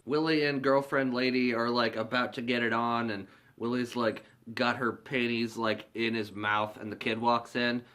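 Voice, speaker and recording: A man's voice: mid-range voice, little pitch movement, normal speed, hardly any pauses, fairly bright tone. A young man casually recapping a film plot in a rambling, profane way, full of "like". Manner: rambling, profane, heavy use of "like". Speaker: movie reviewer.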